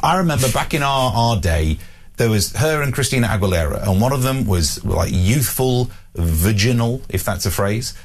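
A man's voice: medium pitch, lively intonation, slightly rough. A British man co-hosting a radio show, bantering playfully and mocking himself. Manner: quick, playful, self-mocking. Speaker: radio co-host.

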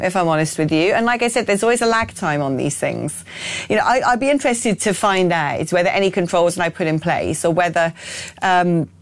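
A woman's voice: medium pitch, no echo. Woman, talk radio host, opinionated, blunt, dry close sound. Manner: opinionated, blunt, with frequent ums and restarts. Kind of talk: political talk radio, reading listener messages.

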